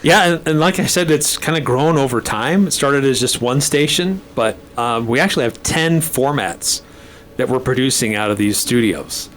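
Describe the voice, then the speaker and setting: A radio station manager appears as a guest in a radio studio, chatting casually on a talk program and frequently laughing at himself. His mid-range voice has lively intonation and a fairly bright tone at a moderate pace, with slight background noise.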